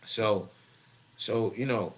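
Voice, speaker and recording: A man's voice: fairly low pitch, slow pace. A middle-aged man, hosting a live show and telling a blunt, profane story full of slang. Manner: blunt, heavy swearing, animated, street slang.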